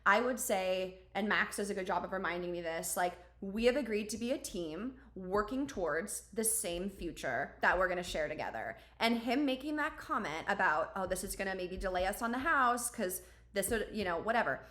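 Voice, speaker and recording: A woman's voice: mid-range voice, lively intonation, normal speed, few pauses, fairly bright tone, echoey room. A woman hosting a podcast, telling a personal story in a casual, chatty way with plenty of "like" and "um". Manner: chatty, many fillers like "like" and "um". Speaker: podcast host.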